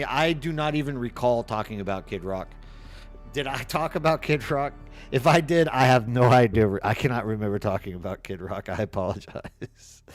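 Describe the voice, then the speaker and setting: A man's voice: on the high side, no echo. A man with an East Texas accent, streaming and chatting casually, rambling and reading chat aloud. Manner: rambling, reads chat aloud, trails off and restarts.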